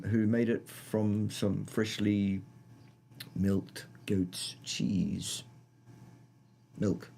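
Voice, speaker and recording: A man's voice: lowish voice, warm tone, slightly rough. A man with a New Zealand accent hosting a casual livestream, rambling and joking as he greets viewers by name. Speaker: livestream host.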